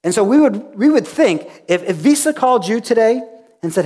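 A male pastor with a high, brisk voice preaches a sermon. He retells a scripture story in an animated way, acting out the dialogue.

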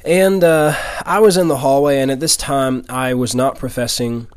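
Moving back and forth between Bible passages and his own experience, a young Louisiana preacher in his 20s gives a testimony-filled sermon, earnestly telling his story and hammering key lines through repetition. His voice is mid-range and steady at a moderate pace, recorded close and dry without room sound.

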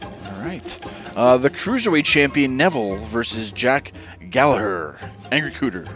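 A man hosting a wrestling podcast, briskly calling out matches in casual chat. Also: medium pitch, big pitch swings, fairly bright tone, soft background music. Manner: brisk, runs the segment. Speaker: podcast host.

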